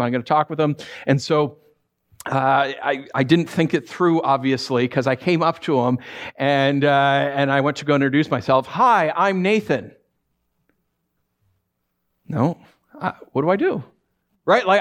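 Animated conversational male pastor. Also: a little high, a little fast. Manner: conversational, animated preaching with many fillers and self-corrections; swings into acted quotes and wry humor. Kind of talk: sermon.

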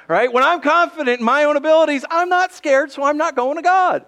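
A man preaching a sermon as pastor, conversational and animated, acting out quick quoted voices. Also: very high voice.

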